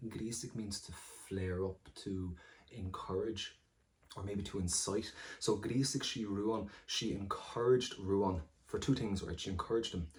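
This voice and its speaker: A man's voice: deep voice, a little mellow. A man with an Irish accent, teaching exam vocabulary and explaining each word in turn in an encouraging way. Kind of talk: exam-prep lesson.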